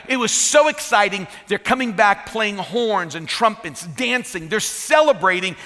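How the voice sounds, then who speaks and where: A man pastor preaching a sermon in a church, telling a story in a lively way with humorous asides. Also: high-pitched, moderate pace, few pauses, in a large hall. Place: church sanctuary.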